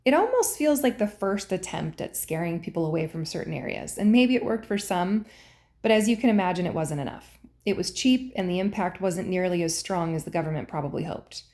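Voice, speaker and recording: A woman's voice: fairly low pitch, expressive, fairly quick, warm tone. A woman hosting and narrating in an earnest, conspiratorial scripted style. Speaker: host and narrator.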